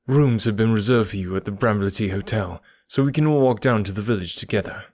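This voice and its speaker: A man's voice: lowish voice, fairly quick, a little mellow, dry recording, clean studio sound, natural voice. A man reading the part of a stern, self-satisfied police inspector with an officious manner.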